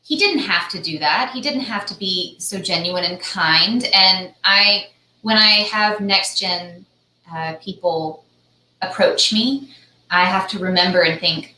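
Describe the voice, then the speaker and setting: Woman guest, bright voice, earnest, grateful, talking over a video call in an echoey room. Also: medium pitch, measured pace. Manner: earnest, grateful, frequent restarts. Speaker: guest, architect and project manager. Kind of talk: interview answer, personal story.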